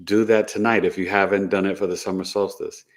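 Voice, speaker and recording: A man's voice: sits low, level tone, brisk. A man hosting an astrology show, talking casually and rambling, often ending points with "right?". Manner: rambling, tags sentences with "right?". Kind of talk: casual live-stream talk.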